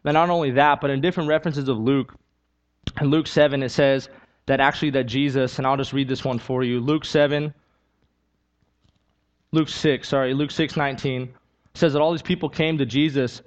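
A man's voice: medium pitch, highs cut off. A man preaching a sermon with a personal testimony, talking earnestly and conversationally, repeating key lines and building to emphatic peaks.

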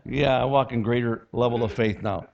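A man preaching a sermon as a pastor, animated, acting out quotes and voices as he teaches. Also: medium pitch, normal speed, gravelly, muffled recording, a crowd in the background.

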